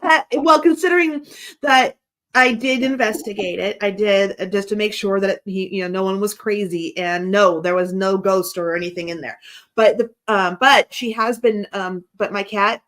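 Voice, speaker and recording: A woman's voice: medium pitch, fairly even intonation, normal speed, fairly bright tone. A woman from the United States, a paranormal investigator, chatting in a rambling way, laughing and correcting herself, and sounding congested. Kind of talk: casual chat.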